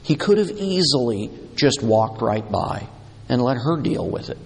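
Slow emphatic male preacher. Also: mid-range voice, very animated, creaky, slightly rough. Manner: deliberate, emphatic, repeating key words. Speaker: pastor. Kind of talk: sermon. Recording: long hall reverb.

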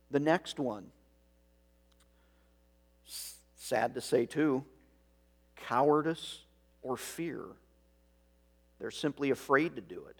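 A man preaching a sermon as pastor, measured and reflective, with rhetorical questions and dry asides. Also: medium pitch, gravelly, husky. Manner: dry, self-aware asides.

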